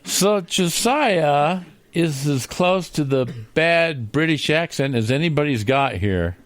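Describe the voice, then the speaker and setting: A man's voice: a little high, animated, slow pace, dry recording. A man from Indiana hosting a comedy radio show, playful and laughing as he leads the banter. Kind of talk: casual comedy radio chat.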